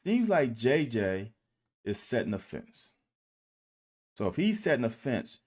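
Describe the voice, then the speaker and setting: A man giving casual commentary on football game film. He talks to viewers directly and critiques the plays in an animated, exasperated way, with swearing. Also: mid-range voice, unhurried, long pauses, breathy edge. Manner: addresses viewers directly as "y'all". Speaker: football film breakdown host.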